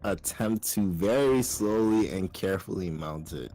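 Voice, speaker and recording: Casting: male player, deep voice, slow, unsure delivery, faint music behind. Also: animated, dark tone. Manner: hesitant, tentative. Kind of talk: casual tabletop play.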